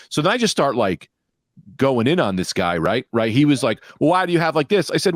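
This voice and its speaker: Brief: young male podcast co-host, lively swooping delivery, dry close mic, storyteller who plays every part. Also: medium pitch, a little fast, no room sound. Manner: animated storyteller, acts out quoted people. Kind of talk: casual chat.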